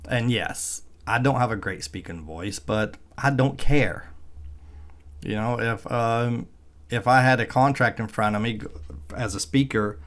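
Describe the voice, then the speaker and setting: A man's voice: mid-range voice, measured pace, fairly bright tone. A middle-aged man with a Southern Arkansas accent, giving casual, plainspoken vlog commentary in a folksy, chuckling manner. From Arkansas, USA. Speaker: EV vlogger.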